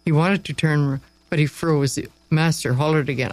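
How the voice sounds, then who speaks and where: A man narrating a story aloud, expressive and dramatic, with slow pauses for effect. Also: a little high, no room sound, rough recording.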